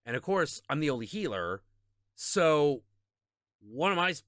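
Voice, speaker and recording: Male streamer, frustrated and profane, unhurried delivery, dry close sound. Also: on the high side, big pitch swings, fairly bright tone, dry recording. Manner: trails off into mutters and repetitions. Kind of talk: casual gaming stream chat.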